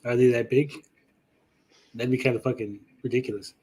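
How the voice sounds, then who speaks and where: Husky-voiced man hosting a reaction stream. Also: mid-range voice, fairly even intonation, moderate pace, a little mellow. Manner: blunt, profane, sarcastic. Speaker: streamer host. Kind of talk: casual livestream reaction chat.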